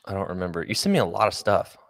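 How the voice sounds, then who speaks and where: A man co-hosting a podcast, speaking in relaxed casual chat with dry remarks. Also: low voice, racing, creaky, no room sound. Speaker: podcast co-host.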